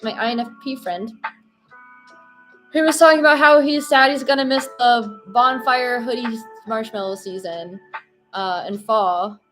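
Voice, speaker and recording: Chatty young woman streamer, higher voice. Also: a little slow, fairly bright tone, soft background music. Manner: chatty and playful, reacting to chat. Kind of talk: casual chat while painting pumpkins.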